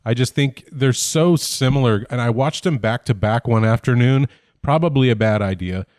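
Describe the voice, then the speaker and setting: A man hosts a casual podcast chat, joking about himself and laughing between points. His voice sits in a middle pitch. He sounds dry and close on the mic. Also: moderate pace, darkish tone, no room sound. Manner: jokey, self-deprecating, laughs often. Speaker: podcast host.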